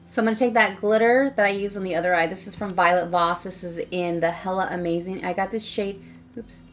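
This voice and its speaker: A woman's voice: mid-range voice, fairly even intonation, brisk, faint music behind. A young woman chatting casually through a makeup tutorial, rambling and saying "like" a lot. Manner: chatty, rambling, says "like" often. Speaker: beauty vlogger.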